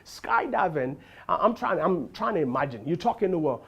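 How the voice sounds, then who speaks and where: A male stand-up comedian from Africa, telling animated stories and laughing along on stage. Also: fairly high pitch, moderate pace, gravelly, breathy edge, highs cut off. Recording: live crowd and noise. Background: audience laughter.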